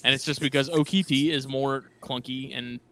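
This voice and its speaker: Bright-voiced man explaining things, easygoing. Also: medium pitch, fairly even intonation, moderate pace. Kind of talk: casual round-table chat.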